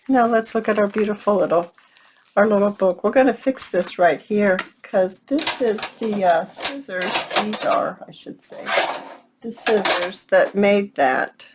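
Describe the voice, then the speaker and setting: A woman's voice: mid-range voice, a little slow, background noise. An older woman hosting a casual, chatty crafting tutorial, talking straight to her viewers in a folksy way. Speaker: craft channel host.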